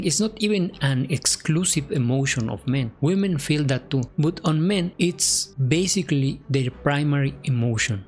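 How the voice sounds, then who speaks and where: A man in a commentary video, ranting angrily and swearing at his critics. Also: medium pitch. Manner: angry, profane, confrontational. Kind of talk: angry vlog rant.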